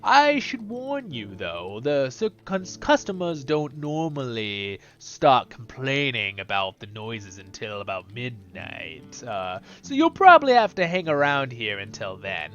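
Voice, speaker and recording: A man's voice: mid-range voice, very animated, unhurried, few pauses, fairly bright tone, muffled recording, faint music behind. A man voicing a worried innkeeper in a video game, with a put-on Irish or Scottish accent, reading stiffly with stumbles. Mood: fretful. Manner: reads quest text aloud with stumbles. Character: grumbling male innkeeper fretting over his haunted inn.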